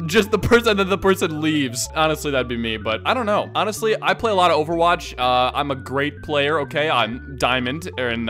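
A man giving joking, animated commentary on online posts, his voice sitting a touch higher than most men's. He jumps between playful asides and mock-serious remarks, and soft music plays faintly underneath. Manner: joking, animated, frequent laughter. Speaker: YouTube commentator. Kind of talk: comedic reading commentary.

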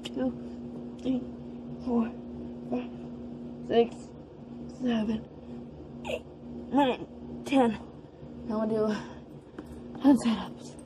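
A woman's voice: fairly high pitch, background noise. A woman talking casually in a home vlog, counting her exercises aloud and chatting to her dogs. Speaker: vlogger.

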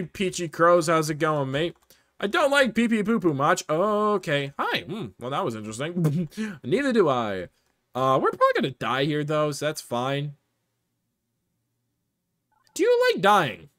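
A man's voice: mid-range voice, fairly bright tone, no echo. A man streaming a game live with viewers, joking and bantering playfully. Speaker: streamer playing games with viewers.

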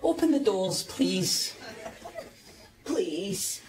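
A man's voice: high voice, very animated, extremely slow, reverberant, recorded from a distance, full character voice. A man with a Scottish accent playing an exasperated man stuck in a voice-controlled lift in a comedy sketch. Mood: furious. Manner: exasperated, ends up shouting. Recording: studio audience laughter. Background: audience laughter.

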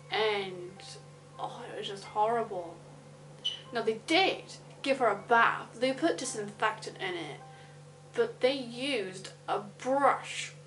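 Woman with a london accent, true crime storyteller, fairly high voice, blunt indignant asides. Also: low-quality recording.

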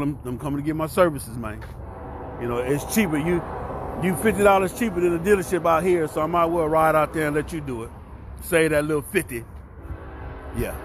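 Loud, profane fifty-one-year-old man with a Southern accent. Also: fairly high pitch, noisy background. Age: 50s. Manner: loud, profane, swings between shouting and mumbling. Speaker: vlogger and podcast host. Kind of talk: casual rant to camera. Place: cheap hotel room near train tracks.

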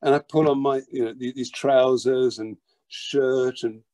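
An older man, telling a childhood story as an interview guest, lively and full of restarts and repeated words. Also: mid-range voice, unhurried. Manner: animated, repeats words while acting out a story. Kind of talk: anecdotal storytelling.

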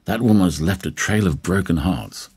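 A man doing a hushed, conspiratorial old officer. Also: sits low, moderate pace, husky. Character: conspiratorial middle-aged military officer.

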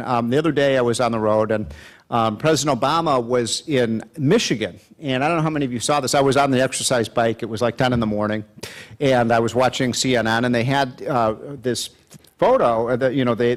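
A man of middling pitch speaks to a live audience, spinning anecdotes in a loose, chatty way. He stumbles and restarts often and leans on fillers as he talks. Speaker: speaker at an event. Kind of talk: after-dinner speech with jokes.

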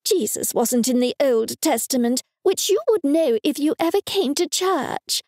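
A woman narrator voicing a shrill, indignant churchgoing mother scolding her grown daughter. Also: expressive, a little slow, a little mellow, no room sound, clean studio sound.

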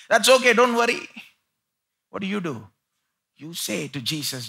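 Emphatic preacher, husky and bright. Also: male voice, very animated, normal speed, long pauses. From India. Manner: emphatic, swings between loud pleading and low asides. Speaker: pastor. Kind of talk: sermon. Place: live church service.

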